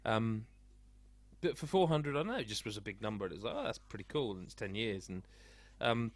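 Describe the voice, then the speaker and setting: A man's voice: on the low side, fairly bright tone, no echo. A man hosting a podcast over a video call, teasing his guests and steering the chat with questions. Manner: teasing, jokey, asks questions. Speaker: podcast host. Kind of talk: casual chat.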